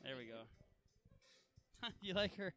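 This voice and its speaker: A man's voice: high voice, animated, slow pace, pushed and bright. A man hosting a casual gaming chat, talkative and loose, laughing easily and rambling between thoughts. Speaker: host.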